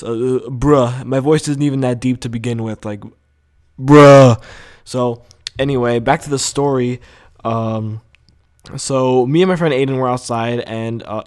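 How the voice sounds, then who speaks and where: A young man telling a story from school in a casual vlog, full of fillers and swearing. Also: mid-range voice. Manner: rambling, profane, animated storytelling with many fillers. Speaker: vlogger.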